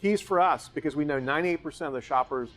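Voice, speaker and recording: A man's voice: a little high, fast, fairly bright tone. A man guiding a walking tour through a grocery store, explaining its layout and asking rhetorical questions as he points things out. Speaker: real estate company guide.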